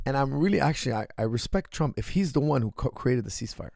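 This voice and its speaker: A man's voice: mid-range voice, lively intonation, rapid-fire, gravelly, hardly any pauses, mellow, no room sound, clean studio sound. A middle-aged man, a martial arts coach, answering viewer questions on a livestream in an emphatic way that keeps checking in with "right?" and "okay?".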